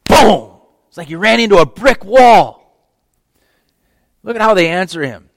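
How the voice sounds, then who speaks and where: Preacher guy going verse by verse, super lively, kinda high voice, dry sound. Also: normal speed, gravelly, no room sound. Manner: animated, conversational, acts out the text. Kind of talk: expository sermon.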